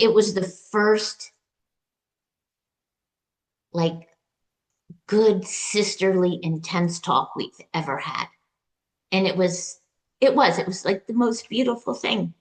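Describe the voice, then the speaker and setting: Speaking as an interview guest, a retreat client with a somewhat low voice shares a personal experience conversationally. Her telling is halting and emotional, full of fillers and restarts, and she recounts exchanges in quoted voices.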